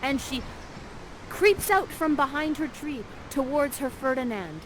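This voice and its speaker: Over background noise, a woman with a high voice speaks at a moderate pace into a headset mic. She guides players through an interactive play with upbeat, teasing, playful stage direction.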